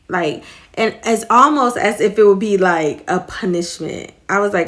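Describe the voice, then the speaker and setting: Woman, middle-aged, low voice, rambling, earnest, casual faith talk. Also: normal speed, a bit bright. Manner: rambling, earnest, many fillers. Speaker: host.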